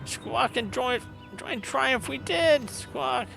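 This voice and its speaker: A man's voice: very high voice, takes it slowly, creaky, faint music behind, voice pushed up, heavily acted. A man voicing a proud, fierce bird-man warrior who squawks and speaks in broken word order. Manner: excited, clipped.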